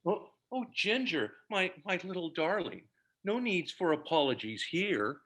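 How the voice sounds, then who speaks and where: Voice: mid-range voice, animated, unhurried, a bit bright. An actor playing a flustered, stammering father in an amateur radio play, melodramatic in manner. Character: blustering, fussy middle-aged father.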